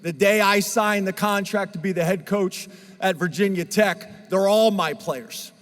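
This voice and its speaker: A fairly high-voiced man gives earnest, emotional press conference remarks as a head football coach. His voice rings out with the long reverb of a large room, so it sounds a little distant and washed. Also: a little slow, fairly bright tone.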